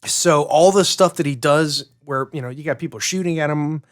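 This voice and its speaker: A man's voice: fairly high pitch, normal speed. Enthusiastic man explaining movie theories. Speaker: podcast co-host. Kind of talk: casual movie review chat.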